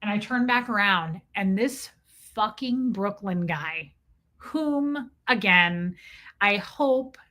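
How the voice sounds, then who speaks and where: A woman hosting a livestream, telling an animated, profane, comic story and greeting her viewers in a casual way. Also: medium pitch, slow. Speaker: livestream host.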